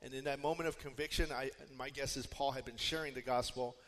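A man's voice: mid-range voice, fairly even intonation, quick pace, fairly bright tone. A man preaching a sermon as pastor, conversational and explanatory, with frequent fillers and asides. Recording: long hall reverb.

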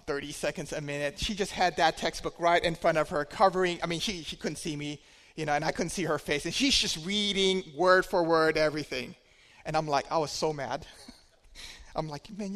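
Man, preacher, sermon storytelling, slightly higher voice, shifts loud and soft. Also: moderate pace, long reverb tail. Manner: conversational storytelling with dynamic loudness swings.

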